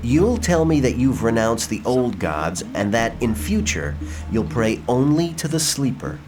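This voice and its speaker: A man's voice: mid-range voice, big pitch swings, measured pace. An actor playing a scheming male cult novice who coaches the hero on what to say, in video game dialogue. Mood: conspiratorial. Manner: coaching, conspiratorial. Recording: distant voice over game music.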